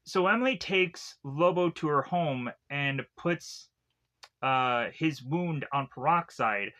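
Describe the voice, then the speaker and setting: A man's voice: on the high side, lively intonation, slow pace, bright, forceful tone. A young adult man recapping a movie in a casual, rambling way full of fillers. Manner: rambling, filler-heavy retelling. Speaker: film reviewer.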